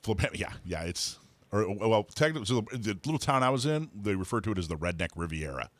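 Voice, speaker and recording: Man, very deep voice, fast talker, friendly radio host, dry close sound. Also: lively intonation, dry recording. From North Florida. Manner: friendly, quick questions with restarts. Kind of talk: casual radio talk.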